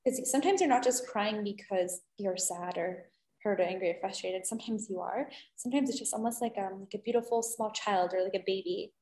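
A woman who is a holistic healing guest, chatting gently and effusively in a casual interview. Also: mid-range voice, a little fast, roomy sound. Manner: gentle, effusive, many "beautiful"s and "um"s.

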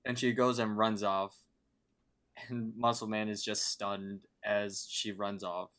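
A man's voice: fairly low pitch, level tone, slow, a bit bright. A man co-hosting a podcast, recapping casually in a jokey, loose way. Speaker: podcast co-host.

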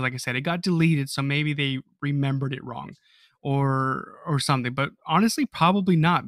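A man's voice: a little high, fairly bright tone, dry recording, clean studio sound. A man hosting a podcast, recounting a story casually with fillers and friendly banter. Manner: casual, uses fillers like "you know" and "dude".

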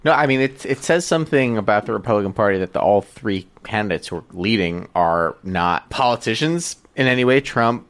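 A man's voice: on the low side, lively intonation, brisk, hardly any pauses, fairly bright tone. A male podcast co-host talks in loose, casual chat. He jokes crudely and rambles from point to point.

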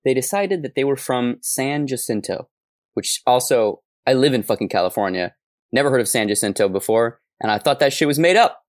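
A man's voice: medium pitch, expressive, fairly quick, no echo, clean studio sound. A man hosting a podcast, telling a story in a casual, profane and sarcastic way. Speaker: podcast host.

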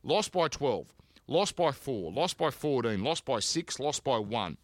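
A man's voice: mid-range voice, sing-song, measured pace, no room sound. A man with an Australian accent hosting a sports betting podcast in casual, jokey banter, restarting his sentences.

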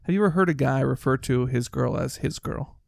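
A man co-hosts a podcast in an easygoing, question-asking chat. His voice is gravelly with a lot of fry at a middle pitch. The close mic sounds dry and close. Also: fairly quick, no echo. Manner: conversational, asks questions, easy laughs. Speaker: podcast co-host. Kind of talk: casual chat recapping a film.

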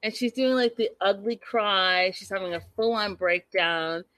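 Woman host, chatty and sassy, bright tense voice, slow unhurried delivery. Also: mid-range voice, dry recording. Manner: chatty, sassy, talks to viewers. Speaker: reality TV recap host. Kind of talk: casual chat recapping an episode.

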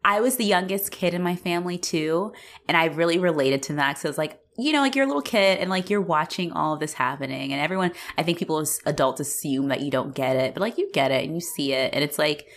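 A young woman co-hosting a podcast, chatting casually about a movie, animated, laughing and swearing as she acts out lines. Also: sits low, quick pace. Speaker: podcast co-host.

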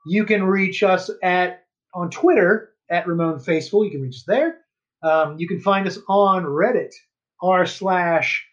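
A man co-hosting a podcast in casual chat, joking and rambling loosely with lots of fillers and swearing. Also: high voice. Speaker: podcast co-host. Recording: dull lo-fi podcast audio.

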